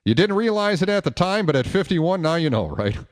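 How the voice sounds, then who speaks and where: In what sounds like a large hall, a man hosts a call-in radio show, his slightly high voice sing-song and a little fast. He's emphatic and opinionated, leaning on rhetorical questions as he comments and fields calls.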